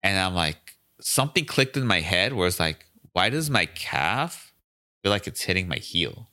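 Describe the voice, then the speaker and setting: A young adult man with a fairly low voice and a bright, forceful edge to his tone. He tells his story in a relaxed, profane way. He slips into quick impressions of the people he quotes. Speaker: podcast guest, gym owner. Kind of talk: casual storytelling.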